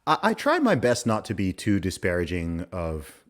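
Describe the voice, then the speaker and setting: A man's voice: deep voice, huge pitch swings, normal speed. A man hosting a podcast conversation, talking emphatically and repeating his points. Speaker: podcast host. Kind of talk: casual conversation.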